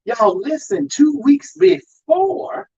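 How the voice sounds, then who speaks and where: A man's voice: very high-pitched, sing-song, takes it slowly, a little mellow, muffled recording. A man who works as an undertaker and hosts a show, talking emphatically about grief in a preaching style and calling out to the audience. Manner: emphatic, calls out to the audience with "y'all".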